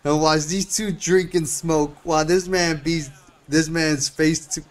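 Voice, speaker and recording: A man streaming live gameplay, reacting with lots of laughter and slangy, excited commentary. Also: fairly high pitch, a little slow, slight background noise. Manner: slangy and swearing. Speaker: game streamer.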